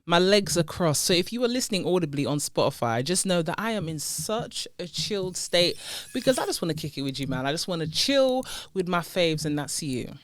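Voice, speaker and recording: Lively, playful woman podcast host. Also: fairly low pitch, a little fast, no room sound. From United Kingdom. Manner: chatty and playful, laughs often, uses slang. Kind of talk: casual podcast chat. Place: seated indoors. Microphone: podcast microphone.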